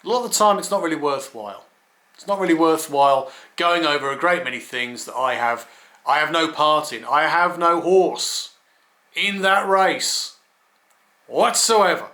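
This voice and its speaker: Wry English bloke, rambling monologue, fairly high and tense, echoey room. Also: male voice, normal speed, bright, forceful tone. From England. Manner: wry, blunt, swears, stammering restarts. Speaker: video blogger.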